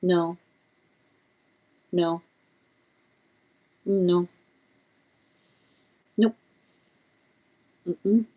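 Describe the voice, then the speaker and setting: A woman's voice: lowish voice, steady tone, very slow, pauses often, phone-quality sound. Chatty woman tarot reader on a live stream. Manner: chatty, laughs often, coos at her cat.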